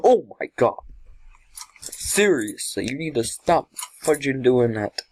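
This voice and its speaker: A man's voice: medium pitch, very animated, slow pace, darkish tone. A man casually commenting on his own gameplay, talking to himself, easily startled and often laughing. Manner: jumpy, talks to himself, yelps and laughs. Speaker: gamer.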